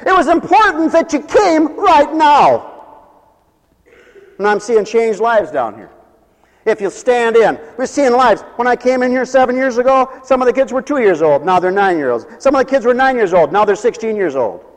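A male pastor giving a lively sermon, acting out the voices of the people in his stories and laughing often. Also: extremely high pitch, normal speed. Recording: long reverb of a hall.

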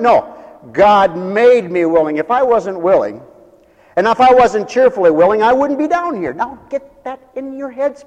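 In a church sanctuary, a man with an extremely high-pitched, darkish voice preaches an emphatic sermon, calling out for responses from the congregation and a radio audience. The recording carries a long hall reverb.

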